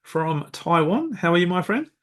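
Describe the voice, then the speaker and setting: An Australian man hosts a podcast with an upbeat, welcoming manner. His voice sits a touch higher than most men's, and he often doubles back to restart his sentences as he chats with his guest. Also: sing-song, moderate pace, fairly bright tone. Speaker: podcast host. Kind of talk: podcast interview.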